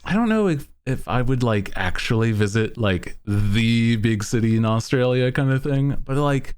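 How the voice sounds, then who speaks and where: A man's voice: mid-range voice, expressive, moderate pace, clear, resonant tone. A man streaming, chatting casually to his chat in a laid-back, rambling way with lots of fillers. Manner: bursts into loud laughter.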